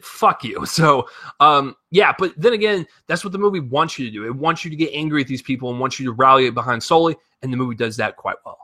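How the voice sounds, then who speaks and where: A man giving a casual spoken movie review, animated and profane, rambling with lots of fillers and restarts. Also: on the high side. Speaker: film reviewer.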